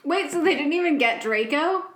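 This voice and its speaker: A woman co-hosting a comedy podcast, asking quizzical deadpan questions. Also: high voice, moderate pace. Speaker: podcast co-host. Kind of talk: casual comedic chat. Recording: roomy echo.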